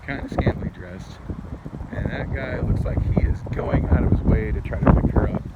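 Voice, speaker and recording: A man's voice: medium pitch, moderate pace, phone-quality sound. Man rambling on a windy night walk. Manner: rambling, many restarts and fillers, candid and profane. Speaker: vlogger. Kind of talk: rambling late-night walking vlog. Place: city street at night, outdoors, walking. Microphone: handheld phone. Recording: windy outdoor phone audio.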